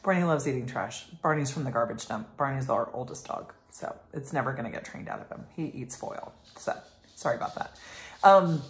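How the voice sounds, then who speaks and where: A woman's voice: extremely low pitch, fairly quick. A woman in her thirties, a life coach talking in a casual vlog monologue, rambling and passionate with many fillers. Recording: echoey room.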